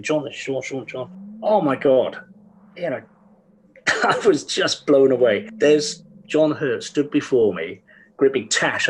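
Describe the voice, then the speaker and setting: Guy, animated storytelling, trips over his words a bit, faint hiss behind. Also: mid-range voice, low-quality recording. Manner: warm storytelling, lively, with stammered restarts. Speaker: actor guest. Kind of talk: casual interview chat.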